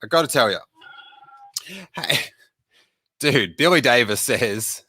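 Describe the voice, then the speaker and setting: A male podcast host with a medium-pitched voice reads a children's book aloud slowly, with long pauses, amid slight background noise. It's a casual, jokey read-aloud, and he animatedly breaks in to do character voices and make asides.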